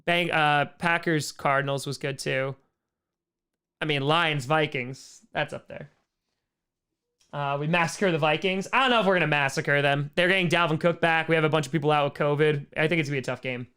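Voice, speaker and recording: A man's voice: a little high, steady tone, a little fast, sharp tone, clear, resonant tone. A man hosting a casual livestream Q&A, reading out viewer questions and answering in a chatty way that repeats phrases.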